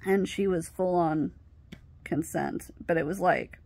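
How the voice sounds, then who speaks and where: Speaking slowly in a gravelly, lowish voice, a vlogger shares a personal story casually. She gets animated acting out what others said, and she often begins her sentences again.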